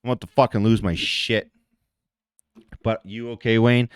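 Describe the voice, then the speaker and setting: Speaking straight to his chat viewers, a male livestream host launches into a heated, profane rant. His voice is lowish and steady at a normal speed, clear and resonant, with no echo.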